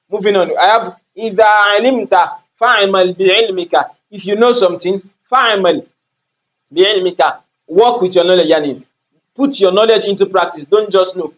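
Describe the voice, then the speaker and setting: Male grammar teacher, high voice, patient step-by-step explainer, muffled lo-fi sound. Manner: explains step by step, repeats and asks rhetorical questions. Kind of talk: classroom grammar lesson.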